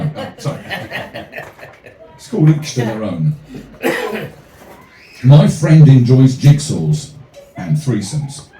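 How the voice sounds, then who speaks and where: In front of a small cafe crowd, a performance poet reads comic rhyming verse, slipping dry, deadpan asides between poems. His voice is dark and mellow yet lively in pitch, and the roomy, distant recording seems captured from well back in the venue.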